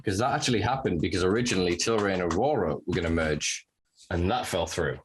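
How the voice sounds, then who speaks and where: A man talking as a podcast guest in casual conversation, ranting with lots of swearing and dark laughter. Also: low voice, fast talker, a little hiss or hum. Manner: animated, profane ranting; laughs to cope.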